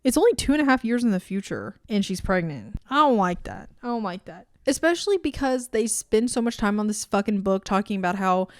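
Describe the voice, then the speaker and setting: A woman's voice: mid-range voice, sing-song, a little fast, hardly any pauses, no echo, clean studio sound. A young woman in her twenties recapping a romance novel in a casual vlog, sarcastic and rambling, swearing freely. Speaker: book reviewer. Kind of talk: casual book review vlog.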